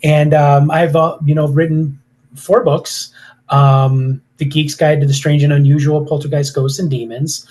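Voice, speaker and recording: A man's voice: fairly high pitch, level tone, unhurried, darkish tone. A man chatting as a guest on a podcast interview, rambling and hesitant with many fillers. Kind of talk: casual interview chat.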